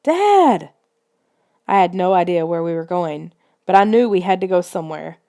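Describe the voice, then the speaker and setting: A woman's voice: on the low side, steady tone, a little fast, vocal fry, dark tone, clean tone. A woman narrating a children's adventure book in a tense, suspenseful reading style. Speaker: audiobook reader. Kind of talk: scripted storybook narration.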